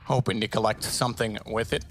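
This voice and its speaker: A man calling an esports match, quick and excitable, often correcting himself mid-sentence. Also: on the low side, slight background noise. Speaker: esports caster. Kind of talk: play-by-play commentary.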